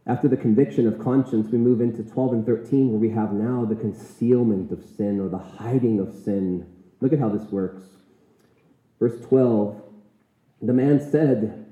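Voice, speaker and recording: A man preaches from the pulpit, earnest and emphatic, often slowing to lean on single words. His voice sits at an ordinary middle pitch. The sound is thin and tinny, as if over a phone line, and it rings in an echoey room. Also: expressive. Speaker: pastor. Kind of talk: sermon.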